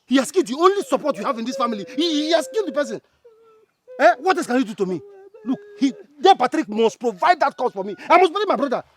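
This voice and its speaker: An actor with a Nigerian accent playing a poor, hot-tempered younger brother who stammers and repeats himself, in a film drama. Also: male voice, very high-pitched, very animated, fast talker. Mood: distraught. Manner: stammering, repeats words, challenging.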